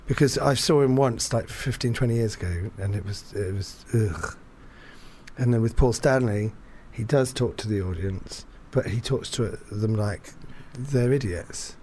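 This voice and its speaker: A man's voice: on the low side, unhurried, a little mellow, a little hiss or hum. A man telling a story in casual chat, rambling, restarting his sentences often and laughing between them.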